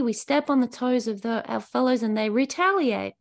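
A woman's voice: high voice, animated, normal speed, vocal fry, hardly any pauses. A woman who leads recovery workshops, sharing earnestly and heartfelt in an online meeting, with frequent restarts and fillers.

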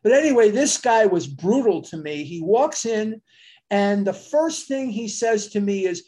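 A man's voice: sits high, expressive, measured pace, mellow. An older man sharing his story at a recovery meeting, earnest and confessional, with emphatic bursts. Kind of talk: personal storytelling share.

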